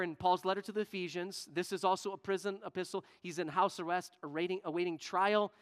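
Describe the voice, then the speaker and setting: A male pastor preaching a sermon in church, shifting from loud, emphatic questions to quiet, low asides. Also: fairly even intonation, fast talker, hardly any pauses. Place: church sanctuary.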